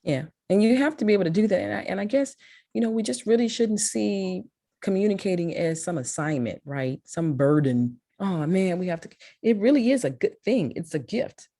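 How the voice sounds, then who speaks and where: A woman's voice: medium pitch, lively intonation, moderate pace, dark tone, no room sound, studio quality. A woman from Memphis with a Mississippi accent, giving an emphatic, encouraging motivational talk to students as a guest speaker. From Memphis, USA. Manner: emphatic, encouraging, repeats for stress.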